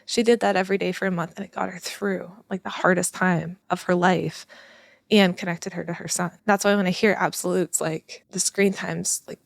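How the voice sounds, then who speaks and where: A woman's voice: lowish voice, flat delivery, normal speed, creaky, no room sound, studio quality. A woman in her thirties, a parenting educator, talking earnestly and passionately on a podcast and often laughing. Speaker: parenting educator and former child therapist. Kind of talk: conversational podcast chat.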